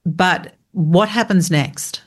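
A woman hosts the conversation, asking calm questions. She speaks slowly in a very low voice. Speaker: host. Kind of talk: interview conversation.

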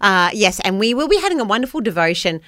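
A woman's voice: medium pitch, very animated, fast talker, fairly bright tone, no room sound. Gushy lady radio host, laughs a lot, voice swoops around, dead dry studio mic. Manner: gushing, effusive, laughs easily. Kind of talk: Christian radio breakfast chat.

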